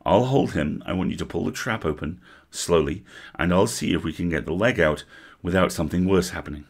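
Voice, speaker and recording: Storybook part: man doing a kind male elf healer, low gravelly voice, coaxing and gentle. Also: fairly quick. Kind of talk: storybook character reading.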